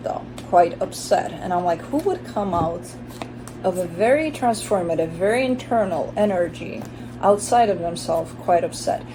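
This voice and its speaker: A woman talks through a tarot spread in a loose, chatty way, blunt and unafraid to swear. Her voice is warm and mellow rather than bright. A faint hiss sits under the recording. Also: mid-range voice, rough recording. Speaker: tarot reader. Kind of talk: casual tarot reading monologue.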